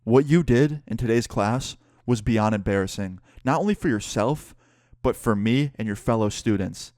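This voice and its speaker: A man voicing an angry male college professor who yells and scolds harshly. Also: medium pitch, normal speed, dry recording, studio quality, lightly acted. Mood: stern scolding.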